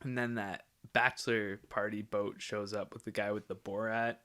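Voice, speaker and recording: A man's voice: on the low side, normal speed. Young man animatedly retelling party stories. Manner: animated storyteller who acts out quotes. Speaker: podcast host. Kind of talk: casual podcast chat.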